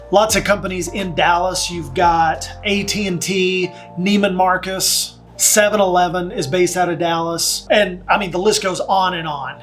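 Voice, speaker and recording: A man's voice: high voice, fairly bright tone. Chatty man talking straight to camera. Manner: chatty and conversational, with filler words and asides. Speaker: real estate agent. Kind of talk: casual talking-to-camera vlog.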